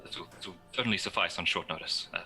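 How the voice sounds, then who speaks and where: A man speaking in character as a player in a tabletop game, formal and halting. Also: low voice, pushed and bright, faint music behind, rough recording.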